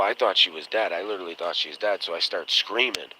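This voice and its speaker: A man's voice: low voice, brisk, very noisy. A man hosting a casual livestream chat, telling stories in a blunt, profane way and acting out the voices of people he quotes. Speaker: podcast host.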